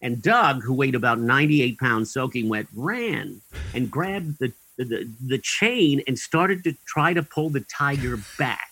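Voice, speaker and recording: An actor guest in an interview, this man has a mid-range voice with lively intonation, a measured pace, and a sharp tone, captured on a rough recording. He spins long anecdotes in a wry, chatty style full of fillers and restarts, using dry comic timing and chuckling at his own punchlines.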